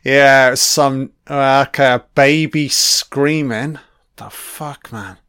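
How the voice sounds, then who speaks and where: A British man giving a casual commentary on a film. He reacts out loud and swears often as he rambles. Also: medium pitch, slow pace, clean tone, dry recording, studio quality. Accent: British English.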